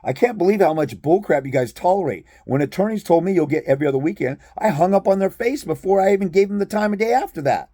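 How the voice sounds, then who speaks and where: A man's voice: high voice, animated, fast, few pauses, mellow, no room sound, studio quality. A man ranting bluntly and profanely to his viewers as a fathers' rights advocate, exasperated and confrontational.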